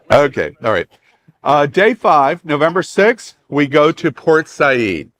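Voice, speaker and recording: A man's voice: on the high side, big pitch swings, slow, long pauses, fairly bright tone. A man with a Southern US accent, hosting a travel club and briefing a group in a meeting room in a chatty, joking way.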